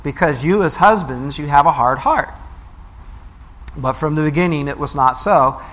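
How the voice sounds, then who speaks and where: A man delivering a sermon in a slightly high voice. He reads scripture aloud, then explains it, leaning hard on key words. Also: fairly bright tone. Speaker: preacher.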